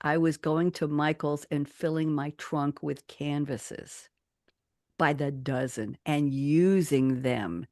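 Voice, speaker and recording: Woman host, lowish voice, dry close sound, lively chatty storyteller who laughs as she goes. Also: slow, no echo. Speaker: radio show host. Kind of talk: casual chat. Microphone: studio microphone.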